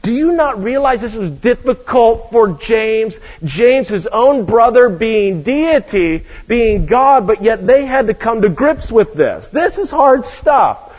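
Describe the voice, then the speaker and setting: A man's voice: extremely high pitch, slow pace, few pauses, breathy edge. A man preaching a sermon as a guest preacher, telling stories with joking asides. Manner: lively storytelling with joking asides. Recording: dull lo-fi recording.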